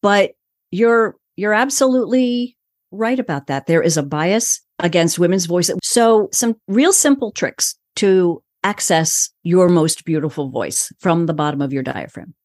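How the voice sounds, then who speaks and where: Older woman, voice coach guest, low voice, calm and instructive, dry close recording. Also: measured pace, no room sound. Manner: calm, assured, explains in a teaching way. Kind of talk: interview answers, coaching advice.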